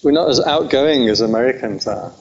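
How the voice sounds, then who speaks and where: A man with an English accent gives an informal dharma talk to a group at a meditation centre. He speaks in a chatty, self-deprecating way, at an ordinary middle pitch. The recording sounds a little dull and lo-fi, with a faint hiss underneath. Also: lively intonation, brisk. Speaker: Buddhist teacher.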